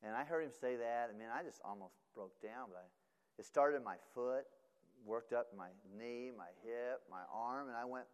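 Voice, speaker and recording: A middle-aged man preaches in an animated, storytelling way, often stumbling and restarting and acting out the voices of others. His voice sits at a middle pitch. The sound rings with the long reverb of a large hall. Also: normal speed. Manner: animated, acts out voices, many fillers and restarts. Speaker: pastor. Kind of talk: sermon storytelling.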